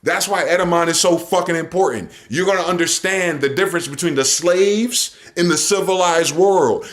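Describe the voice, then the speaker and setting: A man hosting his own show, ranting and swearing while he reads word definitions aloud, swinging between loud outbursts and low muttering. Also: normal speed, hardly any pauses. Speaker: podcast host.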